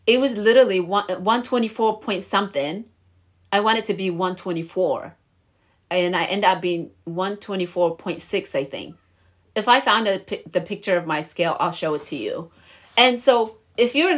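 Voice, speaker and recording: Young woman, lifestyle vlogger, casual motivational chat to camera, bubbly, encouraging, laughs a lot, middle pitch. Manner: bubbly and encouraging, many fillers, laughs often.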